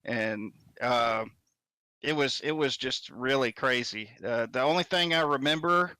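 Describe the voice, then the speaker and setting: A man with a bright, forceful voice, pitched a little high, chatting about a past event on a podcast. The sound is dry and close, with no room around it. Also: dry recording. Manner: chatty, rambling storyteller. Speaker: podcast co-host. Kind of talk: casual chat.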